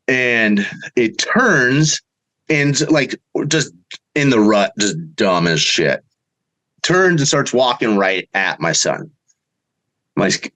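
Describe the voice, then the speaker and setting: A middle-aged man, a bowhunter guest, telling a story in a casual way and acting out the quotes with big jumps in pitch. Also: a bit bright, poor audio.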